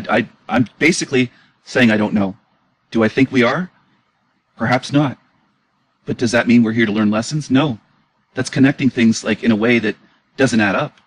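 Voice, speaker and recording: A man's voice: on the low side, husky, low-quality recording. A man giving an indignant, emotional reaction commentary on clips, repeating his questions as he argues.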